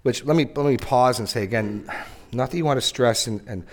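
A man preaching a sermon as pastor, earnest, with repeated words and sudden rises in pitch for emphasis. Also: brisk.

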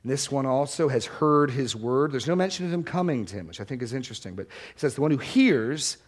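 An earnest male pastor delivers a sermon, slowing down and leaning on the words that matter. His pitch sits in an ordinary middle range, and he repeats his main points for emphasis. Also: lively intonation. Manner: earnest preaching, slows and stresses key words.

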